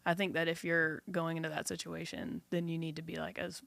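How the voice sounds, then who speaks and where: A woman's voice: low-pitched, little pitch movement, fairly quick, creaky, fairly bright tone, no room sound. A woman who is a guest musician, chatting in an enthusiastic, casual way on a podcast.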